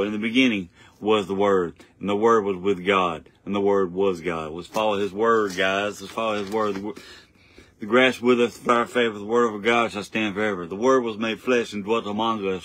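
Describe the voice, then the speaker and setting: Speaking at normal speed in a low, steady voice, a young man preaches an informal sermon at home as a lay preacher. He's earnest, repeats himself, frequently trips up and restarts, and his volume rises when he reads from scripture.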